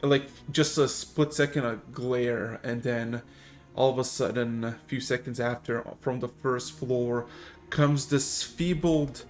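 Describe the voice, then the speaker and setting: A man's voice: mid-range voice, fairly even intonation, slow pace, faint music behind. A man narrating as game master of a tabletop game, hesitant with many fillers.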